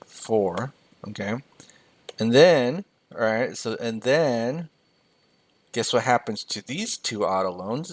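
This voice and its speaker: An American-raised man mentoring on personal finance, walking through a spreadsheet in a loose, joking way and reading numbers aloud as he types them. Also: fairly low pitch. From United States. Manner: casual and jokey, reading figures aloud as he types. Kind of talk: screen-share spreadsheet tutorial.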